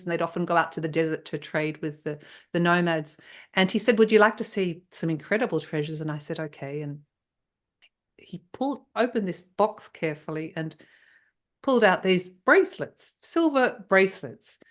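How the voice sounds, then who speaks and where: A woman guest in an interview telling a personal story with emotion. She often restarts her sentences and hesitates as she searches for words. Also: medium pitch. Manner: emotional and breathless, with frequent restarts.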